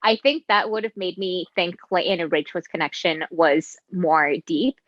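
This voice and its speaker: A woman's voice: on the low side, moderate pace, no echo, muffled recording. A woman co-hosting a podcast, chatting casually in a reflective, hedging way. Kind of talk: casual chat.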